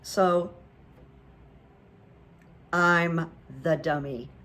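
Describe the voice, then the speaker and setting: A woman's voice: lowish voice, fairly even intonation, very slow, a bit bright. Chatty, self-deprecating woman host. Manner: chatty, self-deprecating, with many fillers and acted-out quotes. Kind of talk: casual storytelling monologue.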